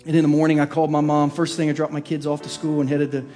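A man preaching from the pulpit, earnest and heartfelt, his voice sitting a touch higher than most men's. He often drops into a hushed, soft tone. A faint instrumental bed plays quietly underneath. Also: completely flat delivery, fast talker, soft background music. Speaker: pastor. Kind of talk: sermon with personal story.

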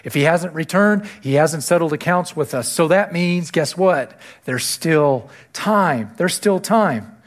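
A man's voice: on the high side, moderate pace. Man preaching with rising emphasis. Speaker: pastor. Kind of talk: sermon. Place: church.

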